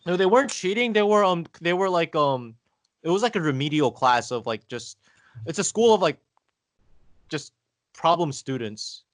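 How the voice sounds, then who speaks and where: A man from Taiwan talks as a podcast guest in casual conversation. His voice sits a little high, and the sound is dry and close with no room echo. He tells his stories haltingly, full of fillers and restarts. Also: expressive. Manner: hesitant, halting, filler-heavy storytelling.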